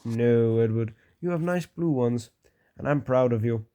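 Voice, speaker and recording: A man reading aloud, voicing a portly male railway boss who speaks slowly and severely. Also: medium pitch, warm tone, clear, resonant tone, close to an everyday voice. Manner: slow, severe and measured.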